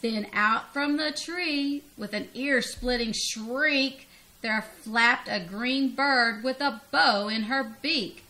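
A woman's voice: on the high side, takes it slowly. A grandmother reading a children's storybook aloud expressively, laughing and leaping up on the cries. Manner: expressive, laughing, big vocal jumps on cries.

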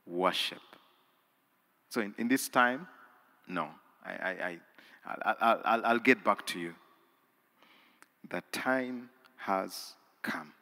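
A man preaches a sermon in a large cathedral, his voice bright and forceful, with pitch that climbs and falls a great deal. He drops to hushed lines, then rises to loud, repeated, emphatic phrases. Long hall reverb trails after every word. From Uganda.

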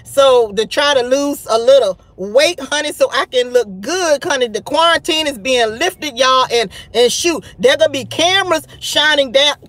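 A woman in her thirties hosting a live stream, chatting in a lively, gossipy way and calling her viewers "child" and "honey". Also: high-pitched, normal speed, hardly any pauses, no room sound. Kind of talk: casual live-stream chat.

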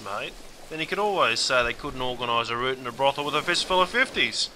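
A man's voice: medium pitch, animated, fairly quick. Matey Australian man narrating, noisy recording. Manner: matey, slangy, exaggerated. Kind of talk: comic scripted narration.

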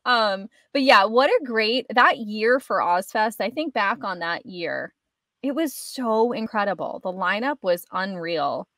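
A woman's voice: medium pitch, animated, a little slow, bright, forceful tone, no echo, clean studio sound. A woman hosting an interview, chatting eagerly with lots of fillers. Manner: enthusiastic, chatty, frequent laughs and fillers. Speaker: podcast host. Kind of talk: casual interview chat.

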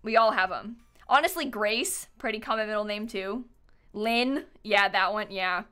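A woman's voice: medium pitch, normal speed, fairly bright tone, clear, resonant tone. A young adult woman chatting casually and rambling with her live stream viewers, giggling often and using plenty of fillers. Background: faint music.

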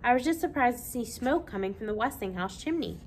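A calm, polite young woman from a storybook, as a woman reads her lines. She speaks evenly and gently. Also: on the high side, a little fast, slight background noise, lightly acted. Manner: even, gentle.

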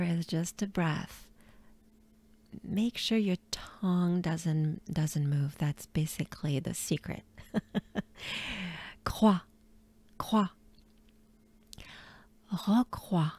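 A French woman with a French accent teaching pronunciation, drilling words slowly and often dropping to breathy whispered demonstrations. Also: on the low side, mellow, no echo. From France. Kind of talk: slow pronunciation lesson.

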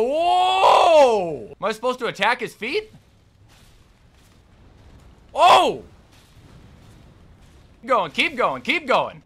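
A young man commenting on his own gameplay, swinging between shouted cursing outbursts and low muttered asides. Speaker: gaming YouTuber.

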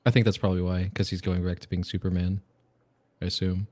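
A man with a low, dark voice and little pitch movement talks fast while co-hosting a casual live-stream Q&A. He relays fan questions from the chat in a chatty, easygoing way.

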